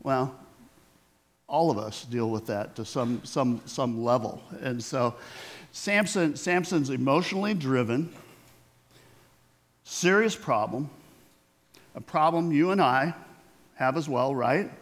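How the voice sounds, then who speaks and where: A man's voice: medium pitch, takes it slowly, long pauses. A middle-aged man preaching a sermon in a conversational way, asking the congregation questions and acting out quoted voices. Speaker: pastor.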